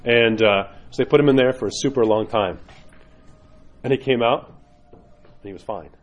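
A man, a priest, speaks in an informal teaching talk. He tells stories with animation at a mid-range pitch and keeps checking in with his listeners. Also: moderate pace. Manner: animated storyteller, often asks "right?".

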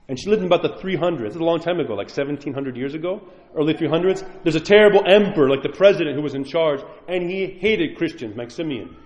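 Male preacher, animated storytelling sermon, repeats lines for emphasis, roomy echo. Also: a little high, highs cut off. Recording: echoey hall with long reverb.

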